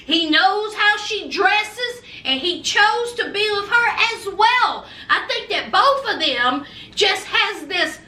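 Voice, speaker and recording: Slow yet hardly pausing, a woman speaks in a very high, sharp, expressive voice while recapping a reality show with sass and emphasis. She asks "okay?" again and again in this casual TV commentary, recorded off mic and far away in an echoey room.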